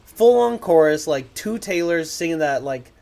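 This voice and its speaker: A man's voice: on the high side, animated, moderate pace, gravelly, warm tone. A teenage boy co-hosting a music podcast, giving blunt opinions in casual chat full of fillers. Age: teens. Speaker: podcast co-host.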